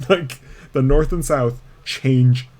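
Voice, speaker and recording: Streaming a video game, a man from Ireland chats and rambles extremely slowly in a slightly mellow, medium-pitched voice. The casual commentary is talkative and full of laughter.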